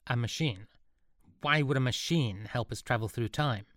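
A man's voice: medium pitch, moderate pace, a bit bright, dry recording, studio quality, lightly acted. A man voicing a tall, superior boy who talks down to others in a smug, condescending way.

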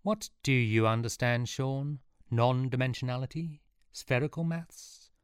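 A man's voice: mid-range voice, moderate pace, dry recording, natural voice. A smug, sneering older boy, voiced by a man reading a story, condescending in every word. The storybook voice is slightly raised and sounds close and dry. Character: tall, superior, sneering boy.

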